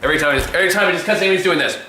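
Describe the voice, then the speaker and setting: A man with a bright, somewhat high voice talks through a film review, rambling and breaking into laughter often. He sits away from the mic in a strongly echoing room with faint background hiss. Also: racing. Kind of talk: casual chat. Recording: echoey room, distant from mic.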